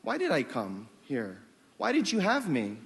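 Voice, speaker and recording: A man's voice: a little high, wildly swooping pitch, measured pace, creaky, voice pushed down, heavily acted. A man quoting a curious little girl. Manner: questioning, wide-eyed. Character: small curious young daughter asking questions. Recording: long reverb of a large hall.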